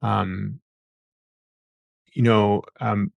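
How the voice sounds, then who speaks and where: This is a man with a low, gravelly voice, explaining relationship ideas as an interview guest. He thinks aloud, repeating words as he finds his point. The sound is dry and close. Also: normal speed, no room sound. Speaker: therapist guest. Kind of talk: interview conversation.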